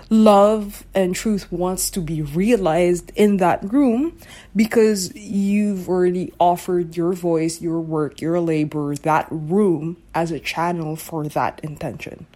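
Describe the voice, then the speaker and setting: A woman's voice: on the low side, warm tone. A woman hosting a casual solo podcast, musing aloud, searching for words and often checking whether the listener follows. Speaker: podcast host.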